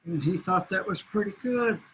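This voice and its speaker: A man telling a traditional animal story aloud in a slow, deliberate way. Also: sits high, fairly bright tone, slight background noise, rough recording. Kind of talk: oral storytelling.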